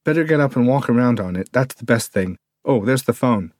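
A man's voice: mid-range voice, lively intonation, fairly quick, darkish tone, no echo, studio quality, lightly acted. A man reading an audiobook, voicing a breezy, careless suburban neighbor woman with a chirpy, offhand manner. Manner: chirpy, offhand, then alarmed.

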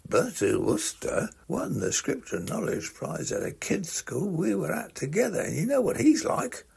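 A drunk, pompous young gentleman slurs his way through a bullying rant, his voice leaping high above a gravelly, husky base, as a man reads him aloud. He blusters and sneers with lively swings in pitch. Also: moderate pace, exaggerated voice. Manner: slurring, blustering, belligerent.

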